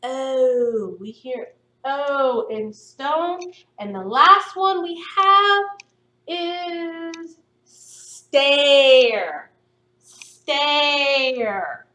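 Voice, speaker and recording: Woman phonics teacher, high voice, slow and encouraging, recorded off-mic in a roomy space. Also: animated, pushed and bright, far from the mic. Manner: slow, stretched-out sounding of words for young pupils; encouraging, upbeat praise. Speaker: primary school teacher. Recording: echoey room, voice somewhat off-mic.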